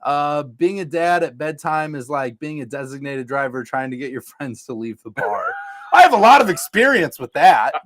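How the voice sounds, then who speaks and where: A man from Iowa co-hosting a casual drinking podcast, telling a lively story and acting out the people in it. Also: on the high side, normal speed, dry recording. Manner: animated storyteller acting out quotes. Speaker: podcast co-host.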